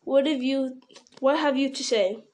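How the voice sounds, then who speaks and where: A woman reading as a wary young hobbit, guarded and quick to snap when pressed. The voice stays near the reader's own, slightly high pitch. It is a plain audiobook reading. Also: darkish tone.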